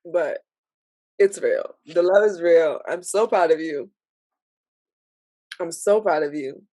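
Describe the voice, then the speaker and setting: A woman co-hosting a podcast, speaking slowly and with feeling, close to tears and laughing through them. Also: fairly low pitch, mellow, no room sound. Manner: tearful, slow and heartfelt, laughing through tears. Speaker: podcast co-host. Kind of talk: emotional casual podcast talk.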